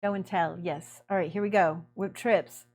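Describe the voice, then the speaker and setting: A woman's voice: fairly low pitch, steady tone, moderate pace, a little mellow. A middle-aged woman hosting a miniature painting livestream, chatting casually and laughing often as she greets viewers by name.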